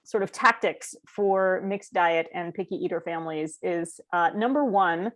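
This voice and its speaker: Middle-aged woman, video-call panelist, storytelling with animated quotes and laughter. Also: fairly low pitch, unhurried. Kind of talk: casual panel chat.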